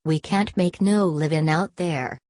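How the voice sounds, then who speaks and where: A woman's voice: deep voice, measured pace, a little mellow, no room sound. A woman reading the part of a weary migrant father who speaks in a plain, bitter drawl, in an audiobook.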